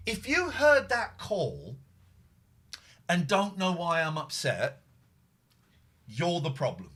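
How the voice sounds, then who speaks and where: A man's voice: a little high, huge pitch swings, slow pace, long pauses, a bit bright, breathy edge. A man hosting a phone-in show from home, ranting furiously, swearing and repeating himself. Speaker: host. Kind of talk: live phone-in show, angry rant.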